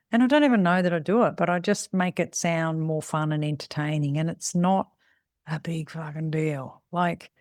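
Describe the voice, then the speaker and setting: A woman's voice: low-pitched, a little mellow, dry recording, studio quality. A middle-aged woman, a salon business mentor, talking bluntly and casually and acting out bits of dialogue, with the odd swear word. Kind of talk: casual podcast talk.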